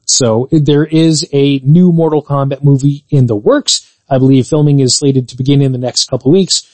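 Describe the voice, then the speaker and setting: A man co-hosting a podcast, chatting casually about games and movies in a measured, explanatory way. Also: medium pitch, fairly even intonation, a little mellow, no echo. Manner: measured, explanatory, fond of qualifiers. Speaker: podcast co-host.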